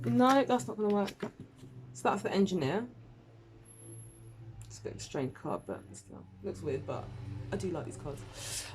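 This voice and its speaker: A woman's voice: mid-range voice, slight background noise. A woman giving a casual tarot reading to camera, chatty and rambling, laughing at herself. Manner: chatty, rambling, self-deprecating, with fillers and laughs. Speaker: tarot reader.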